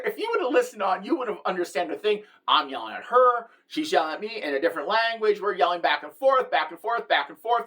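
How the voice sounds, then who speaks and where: A middle-aged woman spins a comic tale with a wry, offhand voice. She swears freely and wanders into asides before returning to the story. Her pitch sits in an ordinary middle range for a woman. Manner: wry, profane, rambling asides. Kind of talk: comedic storytelling monologue.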